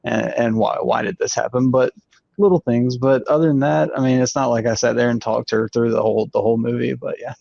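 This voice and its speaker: Gravelly guy, calm and a bit halting, dry muffled mic. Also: medium pitch, no room sound. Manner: measured, many ums and uhs. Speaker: co-host. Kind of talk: casual review chat. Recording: dull, dry close recording.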